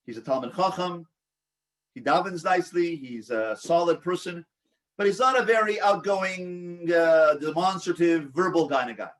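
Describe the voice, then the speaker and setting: Rabbi teaching a group, heard from afar. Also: male voice, a little high, distant mic. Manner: coaching tone, asks the group questions and acts out replies. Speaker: rabbi leading a support group. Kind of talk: teaching a live online group session.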